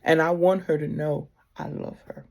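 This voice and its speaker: A woman giving casual spiritual advice to camera, heartfelt and conversational, sometimes sinking to a soft near-whisper. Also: deep voice, steady tone, normal speed, creaky.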